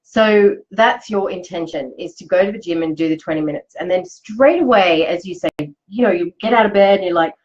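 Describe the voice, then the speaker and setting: A woman's voice: fairly low pitch, brisk, hardly any pauses, darkish tone, muffled recording. A woman, hosting a chatty, upbeat live motivational talk. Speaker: host. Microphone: live video stream.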